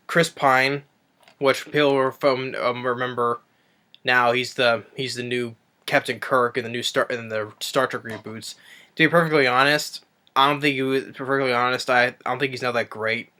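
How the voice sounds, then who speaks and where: A man's voice: mid-range voice, pushed and bright, clean tone. A man giving a casual spoken movie review, rambling with frequent restarts and self-corrections. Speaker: film reviewer.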